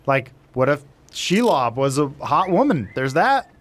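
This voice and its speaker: A man's voice: on the high side, sing-song, measured pace. A man in casual banter with friends while gaming, rambling and tripping over his words. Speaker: gaming group member.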